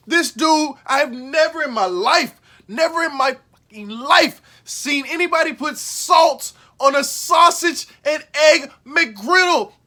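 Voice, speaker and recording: A man with a high, bright voice runs a casual recap vlog. He talks in slang and repeats himself for emphasis. He drops to low mutters, then bursts out loud. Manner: excitable, swings from mumbling to loud outbursts. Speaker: show recap host.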